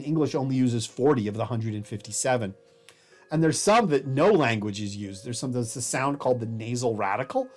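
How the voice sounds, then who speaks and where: A man lecturing in an easygoing, explanatory way, now and then poking fun at himself. He talks at an ordinary pitch over faint music. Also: darkish tone. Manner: casual, explanatory, self-deprecating. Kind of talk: recorded college lecture.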